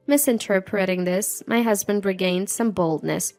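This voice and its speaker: A middle-aged woman tells her story in an even, measured narration. The voice is dry and close, with faint music beneath. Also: medium pitch, no echo. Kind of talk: scripted first-person narration.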